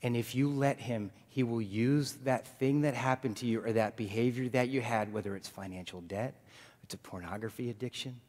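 Husky man preaching in a reverberant church. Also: mid-range voice, normal speed. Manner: animated preaching, jokes with the congregation. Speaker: pastor. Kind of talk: sermon. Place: church sanctuary. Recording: long hall reverb.

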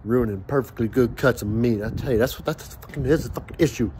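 A man's voice: mid-range voice, fast, darkish tone, a little hiss or hum. A young man ranting profanely and rambling outdoors by a grill in a vlog. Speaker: vlogger.

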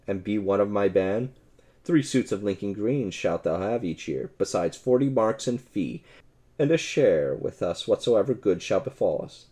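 A man voicing a bold, merry male outlaw leader in an audiobook, speaking in old-fashioned hearty tones. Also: dark tone. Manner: old-fashioned hearty speech, raised pitch.

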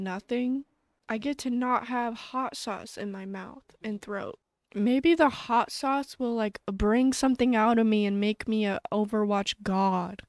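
A young woman giving gameplay commentary with loud, excitable reactions, often shrieking and crying out "no" over and over. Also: a little high, no room sound. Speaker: gaming content creator. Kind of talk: gameplay commentary during a hot sauce challenge.

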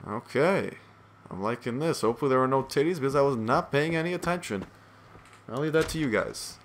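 A man's voice: medium pitch, animated, fairly quick, a little hiss or hum. A man giving casual gameplay commentary, rambling, swearing and self-deprecating, sounding tired and yawning.

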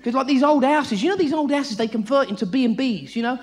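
A man with a British accent doing a live stand-up routine on a theatre stage, manic and breathless, laughing as he goes and jumping into high squeaky voices. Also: lively intonation, fast talker. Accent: British English. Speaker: stand-up comedian. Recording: live show recording, audience noise.

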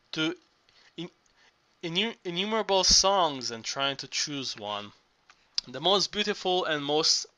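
Male audiobook narrator, bright and forceful tone, measured read with small stumbles. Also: fairly high pitch. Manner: measured reading with occasional stumbles and restarts.

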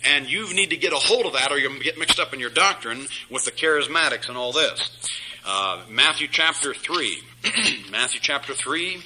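A man's voice: medium pitch, animated, normal speed, noisy background. A middle-aged man preaching an emphatic Bible study sermon as pastor, chuckling at his own jabs.

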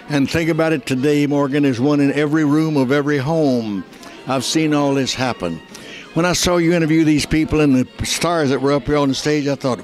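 A man's voice: a little high, fairly quick, soft background music. A man in his nineties telling stories in a folksy, earnest, emphatic way during an interview. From United States. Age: 90s. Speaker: voice actor. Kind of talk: casual interview storytelling.

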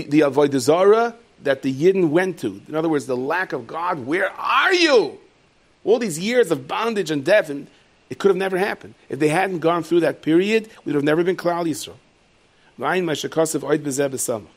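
A man giving a lively Torah lecture as a rabbi, jumping into high, loud voices when he tells stories. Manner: lively storyteller, leaps into high shouted voices for characters. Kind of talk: animated Torah lecture with storytelling.

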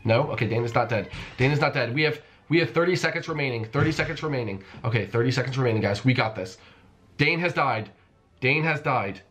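A young man giving excited, playful commentary on a Minecraft game, repeating phrases and calling the viewers folks. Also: mid-range voice, quick pace, faint music behind. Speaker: gaming YouTuber.

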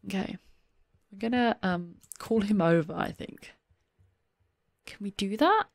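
Woman, let's play host, lively chatty delivery full of gasps and giggles, close dry desk-mic sound. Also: medium pitch, measured pace, creaky, no room sound. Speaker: gaming channel host. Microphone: desktop USB microphone.

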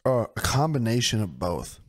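Hoarse young man, excitable podcast chat. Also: on the low side, normal speed. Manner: excitable, swears a lot, laughs often. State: hoarse, voice mostly gone. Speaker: podcast co-host. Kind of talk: casual chat.

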